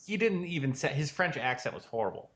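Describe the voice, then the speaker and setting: A man's voice: on the high side, expressive, brisk, a bit bright. A man co-hosting a casual comedy podcast, joking and rambling as he riffs on words. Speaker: podcast co-host.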